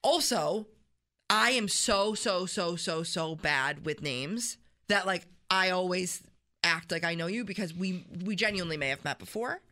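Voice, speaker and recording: A woman's voice: fairly low pitch, a little slow. A woman co-hosting a morning radio show, telling a story in casual banter and acting out the voices of the people in it. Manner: chatty, animated storyteller acting out quotes. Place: radio studio. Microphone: studio microphone.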